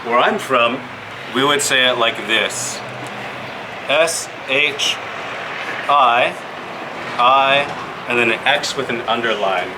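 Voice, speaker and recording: A man's voice: medium pitch, slow pace, pauses often, background noise. A man from the Yakima Valley presents to a group indoors. He patiently asks questions and spells words out letter by letter. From Yakima Valley, Washington. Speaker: language presenter. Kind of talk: teaching a group. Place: indoor room at a public museum event.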